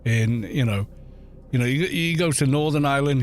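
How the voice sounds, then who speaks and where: A man's voice: mid-range voice, animated, brisk, a little hiss or hum. A middle-aged man with a London accent, chatting in a rambling way with viewers while he streams a game. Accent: London English. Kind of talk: casual chat while gaming.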